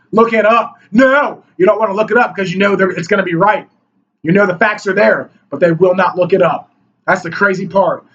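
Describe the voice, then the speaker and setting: A man ranting angrily into the camera, preachy and mocking, his voice husky. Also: high-pitched, a bit bright, dull audio. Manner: angry, preachy, mocking opponents in whiny voices. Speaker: political commentator.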